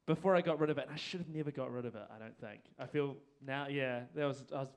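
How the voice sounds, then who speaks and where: A man's voice: mid-range voice, fast, clear, resonant tone. A man, hosting a live music event on a handheld mic, rambling and self-deprecating. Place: performing arts venue stage. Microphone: handheld microphone.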